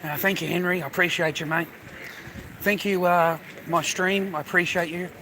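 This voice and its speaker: Aussie guy live streaming from the street, bit higher voice, traffic noise behind, keeps saying mate. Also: fairly even intonation, moderate pace. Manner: chatty, says "mate" often. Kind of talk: casual live-stream chat.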